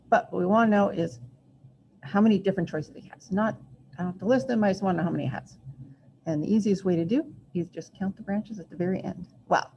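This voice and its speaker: A woman teaches a recorded math lesson in a low, dark, gravelly voice. She is chatty and self-deprecating and thinks aloud as she works through her drawing. The recording is muffled, with a faint hiss behind her.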